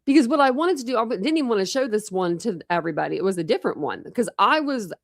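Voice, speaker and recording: A woman's voice: mid-range voice, lively intonation, rapid-fire, gravelly, no room sound, clean studio sound. A woman hosting a true crime livestream, chatting casually and rambling with lots of restarts. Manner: rambling, self-interrupting.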